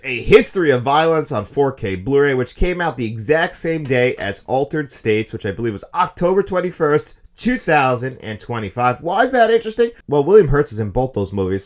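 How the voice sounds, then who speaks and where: 30s guy doing a casual movie review, talks super fast, middle pitch, keen and opinionated. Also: animated. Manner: fast, enthusiastic, opinionated talk. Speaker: film reviewer. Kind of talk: casual film and disc review.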